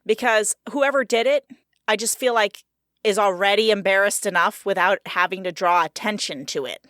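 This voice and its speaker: A woman's voice: mid-range voice, normal speed, fairly bright tone, no room sound, clean studio sound. A woman co-hosting a casual podcast, talking frankly and laughing often. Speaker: podcast co-host. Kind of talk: casual chat.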